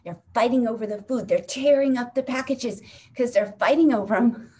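A woman in her forties, a stand-up comic, performs a chatty, rambling storytelling set on a live stream over a video call, doing voices for the people in her tale. Her voice runs on the high side with a dark, slightly rough tone, and she keeps a moderate pace.

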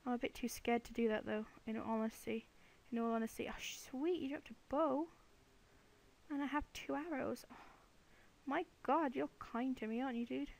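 A woman's voice: high-pitched, moderate pace, gravelly. A woman giving casual, chatty commentary while playing a video game, playfully talking to the animals and monsters on screen. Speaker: let's play gamer.

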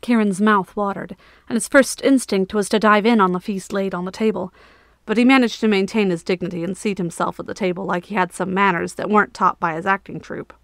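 A woman's voice: mid-range voice, fairly even intonation, a little fast, gravelly, no room sound, studio quality. Woman reading an audiobook. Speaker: storyteller. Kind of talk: audiobook narration.

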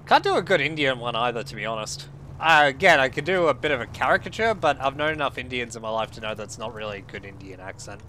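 A man's voice: medium pitch, lively intonation, quick pace, pushed and bright, a little hiss or hum. An Australian man in casual gameplay commentary, swearing, joking and chatting with his viewers. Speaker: streamer.

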